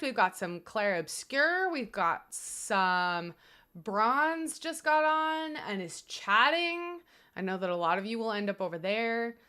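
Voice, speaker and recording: A woman's voice: medium pitch, pushed and bright. Earnest woman streamer, rambling thanks. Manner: earnest, grateful, rambling with fillers. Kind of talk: casual stream chat.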